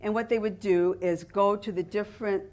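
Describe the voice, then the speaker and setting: A woman author speaking at a library event, reading passages from her book and explaining them. She talks in a measured, storytelling manner. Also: mid-range voice, fairly even intonation, a little mellow.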